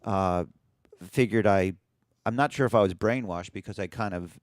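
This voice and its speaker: A man co-hosting a casual radio talk show, chatting in an animated, joking way with frequent restarts. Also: fairly low pitch, normal speed, no echo, studio quality. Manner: animated, jokey, puts on voices in quotes. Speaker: podcast co-host. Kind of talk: casual conversation.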